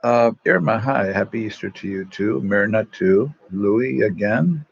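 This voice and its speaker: A lowish, creaky, husky voice unhurriedly tells self-mocking stories to online viewers. The speaker is a Salesian religious brother from East Los Angeles, chatting and reading comments on a livestream from a phone propped at an angle. The recording sounds dry and muffled.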